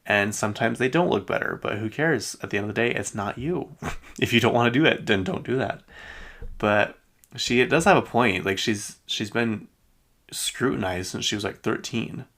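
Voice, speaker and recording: A man's voice: fairly low pitch, moderate pace, fairly bright tone. A man hosting a pop-culture podcast, chatting in a rambling, opinionated way with lots of fillers and restarts. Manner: rambling, heavy use of "like" and restarts; opinionated, mildly exasperated. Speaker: podcast host. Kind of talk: casual pop-culture chat.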